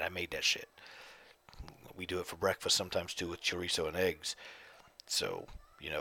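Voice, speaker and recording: His deep voice sounds pushed and bright with a breathy edge as he rants, rambling and profane, on his casual solo podcast. He records at home in the evenings on a close desk mic.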